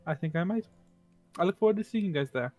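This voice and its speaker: A man's voice: sits high, animated, fast talker, dark tone, faint music behind. A man playing a cheeky young royal. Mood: curious. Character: visiting young male royal, curious and cheeky.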